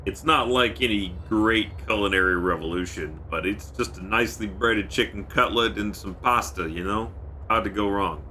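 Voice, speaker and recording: A man with a low, deep voice that still has a bright, forceful edge talks his way through a live game stream. He mutters his plans half to himself and breaks off to answer viewers in an easy, casual way. A faint hiss sits under his voice. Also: moderate pace. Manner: thinks aloud and mutters while playing; reads out chat messages.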